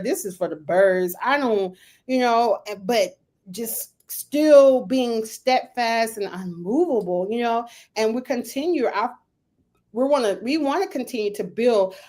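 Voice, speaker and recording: A middle-aged woman hosting a podcast, giving casual motivational talk with emphatic repeated phrases and frequent laughter. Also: on the high side. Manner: animated, laughs often, acts out quoted voices. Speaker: podcast host.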